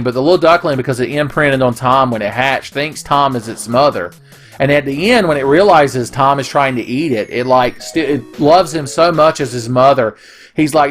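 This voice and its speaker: A man hosting a gaming video, rambling and profane in casual commentary. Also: mid-range voice. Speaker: gaming channel host.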